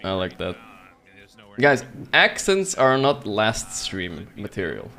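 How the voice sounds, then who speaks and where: A man's voice: fairly low pitch, sing-song, slow, bright, forceful tone. A man streaming and chatting casually while commentating a game, joking loosely and swearing freely.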